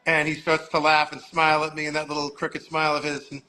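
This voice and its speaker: An animated New man of about sixty spins a rambling anecdote in a bright, forceful voice that sits a little high for a man. He leans into the voices of the people he quotes as he goes. A faint hum of ambience sits behind him. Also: fast talker, low-quality recording. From Long Island, New York. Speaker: guest storyteller. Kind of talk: casual anecdote telling. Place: modeling agency office.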